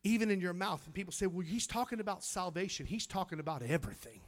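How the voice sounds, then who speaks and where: A middle-aged preacher delivers a fervent sermon, moving from loud exclamations to soft, almost whispered storytelling and repeating words when moved. His voice is high, animated, and quick.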